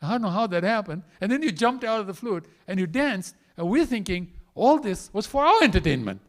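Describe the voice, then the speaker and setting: A man's voice: sits high, sing-song, fairly quick. A man voicing a humble male peacock king, poor and grateful, in an earnest, run-on way.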